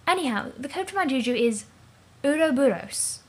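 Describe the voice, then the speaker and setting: A woman voicing a gentle, shy female alien cherub girl in a soft, hushed, near-whispered voice with formal, polite wording. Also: high voice, lively intonation, normal speed, slight background noise. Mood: tender. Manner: polite, formal, a bit rambling.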